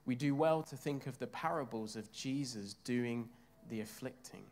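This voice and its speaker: Chatty English preacher with a congregation. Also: male voice, mid-range voice, normal speed, darkish tone. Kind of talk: sermon.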